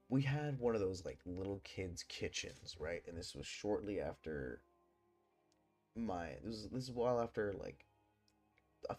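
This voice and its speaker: Rambling low-voiced young man telling ghost stories. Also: darkish tone. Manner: rambling, heavy swearing and fillers. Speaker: podcast host. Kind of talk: casual storytelling.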